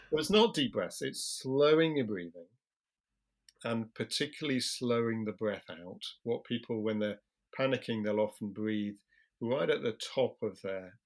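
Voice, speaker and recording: A British man talks as a doctor guest in an interview, his voice sitting fairly low. He explains calmly and in measured steps, often slowing right down to make a point. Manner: calm, measured, slows deliberately for emphasis. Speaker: general practitioner guest.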